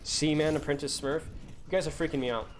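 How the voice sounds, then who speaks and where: A woman's voice: low-pitched, fairly even intonation, a little fast, slight background noise. A young woman coaching over a live-streamed gameplay review, ranting and exasperated, hammering her points home by repeating them.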